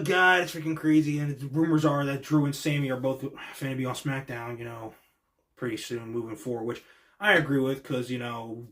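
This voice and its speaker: A man hosting a wrestling reaction show, talking in an excitable, slangy way that swings between hushed and loud. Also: mid-range voice. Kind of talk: casual reaction commentary.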